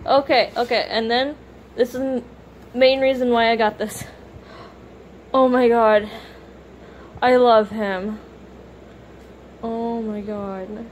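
A young woman filming a casual unboxing vlog at home, gushing and a bit self-conscious, her voice slightly rough from a cold. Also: on the high side, darkish tone, a little hiss or hum, low-quality recording. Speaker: vlogger unboxing plush toys. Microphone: camera or phone camera.

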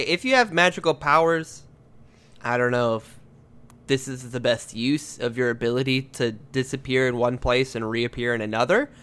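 A man's voice: mid-range voice, a bit bright. A man co-hosting a podcast in casual comedic banter, rambling and joking, often laughing. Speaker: podcast co-host.

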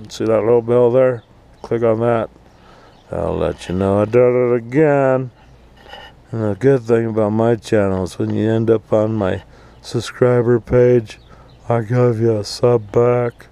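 A man rants in a blunt, profane, casual way, speaking slowly with a gravelly, mellow tone. He is recorded outdoors at an RV park, with faint background noise under his voice. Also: medium pitch. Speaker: vlogger. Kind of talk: casual ranting vlog.

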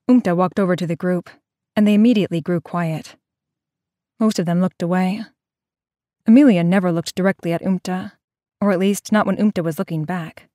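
A woman narrating an audio drama in a slow, measured storytelling manner. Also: lowish voice, fairly even intonation, mellow, dry recording, clean studio sound.

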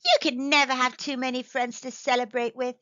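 Mallow, a woman doing a cheery squeaky mouse. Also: flat delivery, fairly quick, no room sound. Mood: friendly. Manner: warm, welcoming, cheerful. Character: friendly, generous young male mouse. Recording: dull dry recording.

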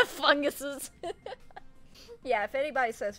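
A young woman streaming a racing game, swearing, laughing and yelling at her opponents as she plays. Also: high-pitched, big pitch swings, measured pace, long pauses, soft background music. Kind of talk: live gaming commentary.

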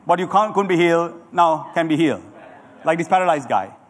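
A middle-aged man preaching a sermon as a pastor, animated and calling on the congregation to answer back. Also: a little high, brisk. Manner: animated preaching with audience call-and-response. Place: church hall. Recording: church hall with long reverb.

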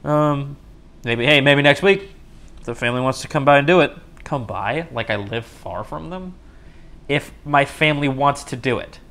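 A young man runs a solo podcast in a loose, rambling style, full of self-directed jokes and restarted sentences. He speaks at medium pitch and a moderate pace, with a fairly bright tone.

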